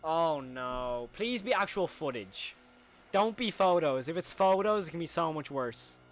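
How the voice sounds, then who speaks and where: Young male horror reaction streamer, fairly high voice, excitable, talkative, reacts loudly. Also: measured pace, faint music behind. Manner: excitable, reacts aloud with repeated exclamations; chatty, answers viewer questions. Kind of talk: live reaction commentary.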